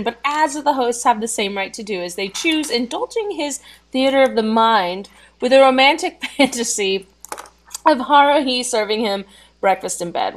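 Brief: woman co-host, casual recap chatter, frequent laughs, video-call sound. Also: medium pitch. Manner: reads a summary, laughs often, stumbles on words. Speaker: podcast co-host recapping an anime.

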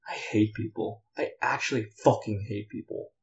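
Man, podcast host, low voice, bitter, angry venting, sighs, rambling, dull lo-fi sound. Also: steady tone, normal speed, a little mellow. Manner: rambling, with many fillers and profanity. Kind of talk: solo podcast monologue.

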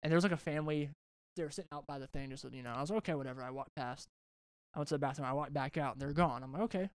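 A man's voice: on the high side, racing, smooth, no echo. A young man hosting a casual podcast, telling a long rambling story with lots of swearing and restarts. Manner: rambling, animated, swears a lot, many restarts. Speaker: podcast host.

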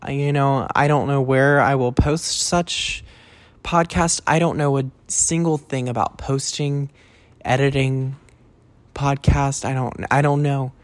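A man's voice: medium pitch, fairly even intonation, a little slow. A young man hosting his own podcast, rambling casually with stammered restarts, self-deprecating asides and frequent cursing. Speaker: podcast host. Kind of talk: rambling solo podcast chat.

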